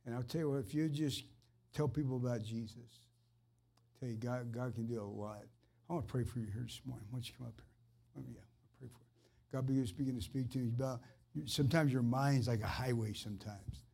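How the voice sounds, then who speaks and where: A man's voice: medium pitch, steady tone, brisk, mellow. Earnest man preaching informally. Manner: earnest, conversational, fervent. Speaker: minister. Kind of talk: informal preaching and personal ministry.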